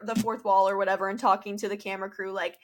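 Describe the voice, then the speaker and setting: A woman's voice: mid-range voice, level tone, quick pace. A young woman co-hosting a podcast, recapping a film in casual chat and acting out quoted lines with big jumps in voice. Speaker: podcast co-host.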